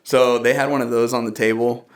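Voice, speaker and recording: A man's voice: mid-range voice, level tone, brisk. A young man from the Dallas area, a guest musician in a casual podcast conversation, telling personal stories earnestly with quoted asides and laughs.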